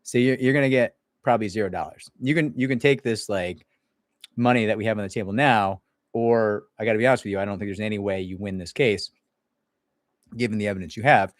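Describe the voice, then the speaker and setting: Blunt sarcastic man with a low voice. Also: fast talker, dry recording, studio quality. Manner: blunt, sarcastic, acts out others in mock voices. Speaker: employment attorney and mediator. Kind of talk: casual livestream Q&A.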